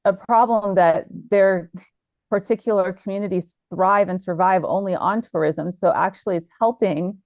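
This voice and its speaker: A woman's voice: medium pitch, moderate pace, dry recording. Woman guest, indignant, asks rhetorical questions; narrow phone-line sound. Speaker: podcast guest. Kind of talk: casual discussion.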